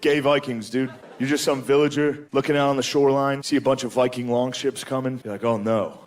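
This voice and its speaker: A man's voice: mid-range voice, little pitch movement, a little fast. A man performing a crude stand-up routine on a comedy club stage, brash and laughing at his own jokes into a handheld mic. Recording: live set with clear background noise.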